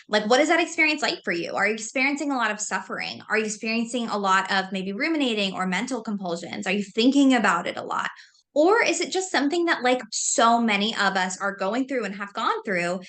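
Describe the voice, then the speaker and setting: Chatty woman host, quick and casual, bright voice pitched a bit high. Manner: lively, conversational, uses "like" often. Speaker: host from a mental health company. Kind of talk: moderated discussion.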